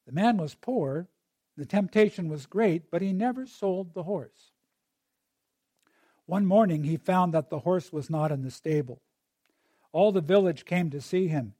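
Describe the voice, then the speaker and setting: High-voiced male preacher, conversational. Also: a little slow, pauses often, mellow, no echo. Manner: conversational, digressive, with asides. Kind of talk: sermon.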